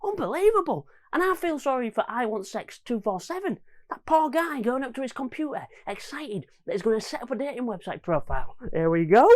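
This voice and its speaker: A comedian hosting a home-made comedy variety show, jokey and self-mocking. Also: male voice, very high voice, very animated, brisk, hardly any pauses.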